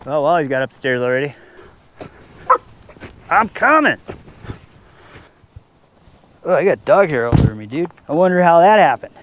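A man's voice: on the high side, animated, fast, few pauses, muffled recording, background noise. A man chatting casually for a camping vlog outdoors in the snow, rambling and joking and talking to his dog, recorded on an action camera. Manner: rambling, talks to his dog, jokes to the viewers. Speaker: camping vlogger. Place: outdoors in snow at a camp spot.

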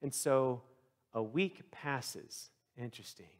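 A male pastor preaching a sermon, telling the story with lively swings into the voices of the people in it. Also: medium pitch, slow pace. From Texas.

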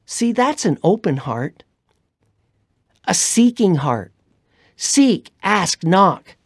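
A woman preaching on a radio show, fervent and exhorting, often dropping to a hushed whisper. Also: fairly low pitch, very animated, drawn-out words, long pauses, breathy edge, no room sound, clean studio sound. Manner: fervent, swings between loud urging and hushed whispers.

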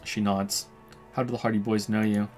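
A man with a fairly low voice reads a video game's dialogue and narration aloud during a stream, dropping in dry, wry comments of his own. Faint music plays underneath. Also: little pitch movement, moderate pace, a little mellow. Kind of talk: casual game playthrough narration.

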